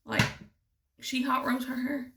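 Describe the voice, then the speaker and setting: A woman's voice: high voice, big pitch swings, measured pace, noisy background. A tired young woman, chatting casually and rambling to her vlog audience. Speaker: vlogger.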